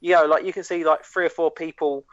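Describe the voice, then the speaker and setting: A man's voice: a little high, flat delivery, quick pace, no echo. A man co-hosting a podcast, telling rambling anecdotes with laughs and swearing. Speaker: podcast co-host. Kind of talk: casual chat, storytelling. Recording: dry, dull lo-fi podcast audio.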